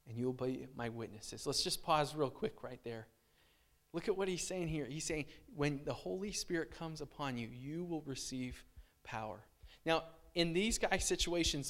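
Conversational man preaching a sermon. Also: a little high. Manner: animated, conversational preaching with frequent restarts. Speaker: pastor.

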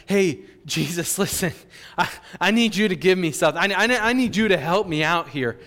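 A man voicing an exasperated, pleading Roman governor in a retold scripture scene, pushing his voice high and strained. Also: expressive, normal speed, fairly bright tone. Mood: pleading, frustrated. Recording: long hall reverb.

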